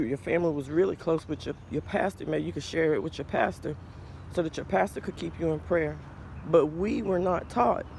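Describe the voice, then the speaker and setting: A man in his forties hosting a podcast, talking slowly and earnestly about faith and mental health, a little out of breath. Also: on the high side, darkish tone, a little hiss or hum. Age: 40s. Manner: slow, thoughtful, earnest, with pauses and restarts. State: slightly out of breath. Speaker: podcast host. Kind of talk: reflective faith-based mental health talk.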